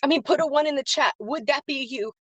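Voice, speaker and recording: A woman's voice: high-pitched, fast, dry recording. A woman hosting a live stream and giving an earnest, emotional motivational talk, repeating phrases for emphasis and greeting her viewers by name. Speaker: livestream host and faith-based business coach.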